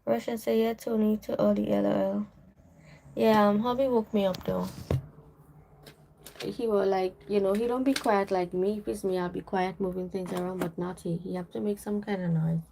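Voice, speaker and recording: A woman with a Caribbean English accent hosts a casual morning livestream, chatting as she reads viewer comments aloud and responds. Her medium-pitched voice is gravelly with fairly even intonation at normal speed, over a noisy background.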